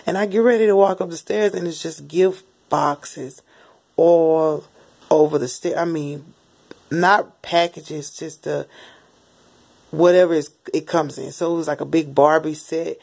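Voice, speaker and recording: A woman's voice: lowish voice, brisk, gravelly. A woman telling a personal story in a candid, rambling, casual way while lying in bed at home. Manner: rambling, candid, animated retelling. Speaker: spiritual channeler.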